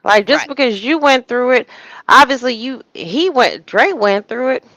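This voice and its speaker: A woman's voice: a little high, expressive, normal speed, fairly bright tone, no echo. Woman co-host, rambling commentary, dry mic. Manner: rambling, hesitant starts. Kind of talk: casual commentary.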